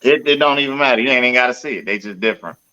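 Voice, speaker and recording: A man co-hosting a podcast in casual chat, ranting loosely in slang and spelling words out slowly. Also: medium pitch, sharp tone, lo-fi sound. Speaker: podcast co-host.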